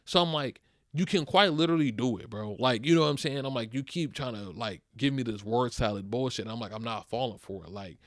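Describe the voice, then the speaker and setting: A young man hosting a podcast, telling a story in a casual monologue, venting and animated, with heavy slang and swearing, sounding worn out. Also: mid-range voice, fairly quick, dry recording, studio quality. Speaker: podcast host.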